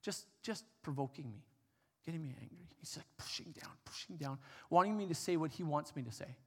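A man's voice: on the high side, brisk, husky. A man preaching a sermon, telling a personal story in a casual, conversational way with fillers. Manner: conversational, with fillers and animated retelling. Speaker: pastor. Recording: long hall reverb.

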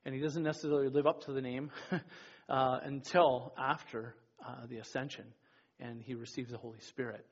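Husky-voiced man preaching casually. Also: mid-range voice, level tone, normal speed, highs cut off. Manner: rambling and conversational, with many restarts and acted-out quotes. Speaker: youth pastor. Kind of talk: casual sermon.

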